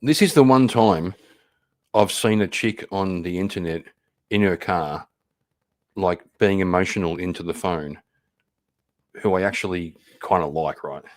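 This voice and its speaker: A man hosts a stream and reacts to clips, talking bluntly and swearing. His voice is fairly low. He rambles and restarts as he thinks aloud. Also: measured pace, long pauses. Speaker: stream host. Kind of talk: casual reaction commentary.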